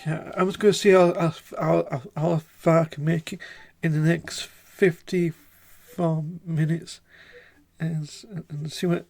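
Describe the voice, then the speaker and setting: A man streaming a point-and-click game, chatting casually and reading the on-screen text aloud in a halting way, often repeating words. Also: on the high side, little pitch movement, creaky, darkish tone.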